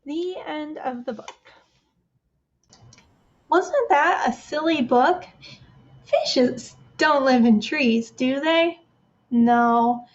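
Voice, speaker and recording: A high-voiced woman librarian leading a children's storytime, animated and chatty as she reads. She talks slowly and asks the kids questions. The recording sounds slightly muffled. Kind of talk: storytime read-aloud for children.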